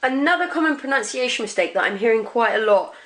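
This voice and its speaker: A woman's voice: a little high, lively intonation, a bit bright. Patient woman teaching pronunciation. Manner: clear, patient, repeats example words slowly. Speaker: French teacher. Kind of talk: classroom pronunciation lesson.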